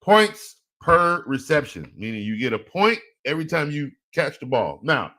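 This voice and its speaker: A man's voice: fairly high pitch, normal speed. A man hosting a fantasy football show, talking casually, joking and laughing, with slang. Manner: animated, joking, laughs often, speaks in slang. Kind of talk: casual live-stream talk.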